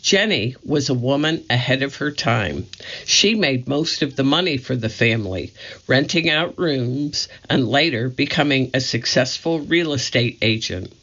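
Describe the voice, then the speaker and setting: A woman reading a children's book aloud for a library audio reading service, with slow, deliberate, expressive delivery. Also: extremely low pitch. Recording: dull lo-fi audio.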